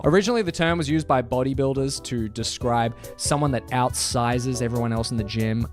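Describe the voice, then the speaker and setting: A man's voice: a little fast, few pauses, soft background music. Sarcastic man narrating a video essay. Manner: sarcastic, exasperated, swings between high and low. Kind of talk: scripted commentary narration.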